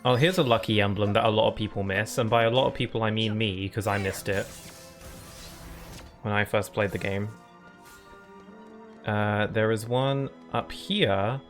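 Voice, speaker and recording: A man's voice: on the low side, fairly even intonation, moderate pace, pauses often. Chatty man streaming a game. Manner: chatty, rambling, self-deprecating, laughs often. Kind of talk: casual live-stream gaming commentary. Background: faint game music.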